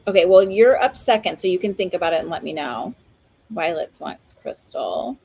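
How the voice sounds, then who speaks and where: A woman's voice: on the low side, big pitch swings, moderate pace, creaky, darkish tone, slightly rough, poor audio. Chatty woman hosting live card readings. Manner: chatty, laughing, rambling with many fillers. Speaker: psychic medium host. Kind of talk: live-stream oracle card reading chat.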